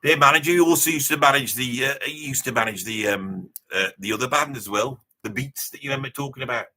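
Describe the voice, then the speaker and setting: A man's voice: medium pitch, quick pace, bright, forceful tone. A middle-aged man with a Birmingham accent, rambling and joking as he reads viewer comments on a live stream. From Birmingham, England. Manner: rambling, jokey, mock-boastful. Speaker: guest on a live reaction stream.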